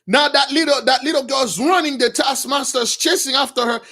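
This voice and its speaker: A man's voice: very high voice, normal speed, sharp tone, soft background music. A man delivering a sermon, reading a passage aloud and then retelling it in his own words, calling his listeners brothers. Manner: addresses listeners as brothers, restarts, repeats, informal asides. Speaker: preacher. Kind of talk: sermon reading a text with commentary.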